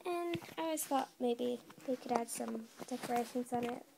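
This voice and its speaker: A woman's voice: a little high, moderate pace, creaky, noisy background. A teenage girl unboxing a package, giddy, exclaiming and laughing again and again. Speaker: vlogger. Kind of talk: unboxing video. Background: plastic crinkling.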